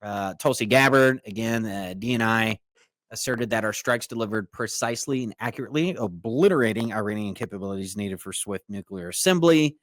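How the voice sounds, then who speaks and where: A man's voice: fairly low pitch, fairly quick, fairly bright tone, no echo, clean studio sound. A man co-hosting a political commentary podcast, reading news excerpts aloud and breaking into casual asides. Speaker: co-host.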